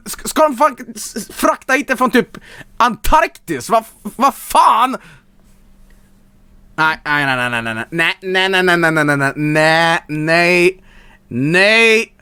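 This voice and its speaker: A young Swedish man with a Swedish accent, chatting casually on a live stream, excitable and profane, swinging from mumbles to shouts. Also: a little high, clean tone, no echo. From Sweden.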